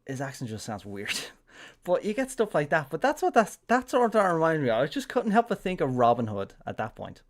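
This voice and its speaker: A man's voice: fairly high pitch, huge pitch swings, a little fast. An Irish man giving casual live-stream commentary on a game, rambling with lots of fillers and self-corrections. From Ireland.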